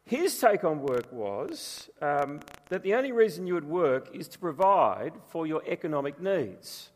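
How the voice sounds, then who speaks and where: Man, pastor preaching, chatty and humorous, fairly high voice, long reverb of a big church. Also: sing-song, unhurried. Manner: chatty storytelling with humour. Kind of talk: sermon. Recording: long reverb from a large room.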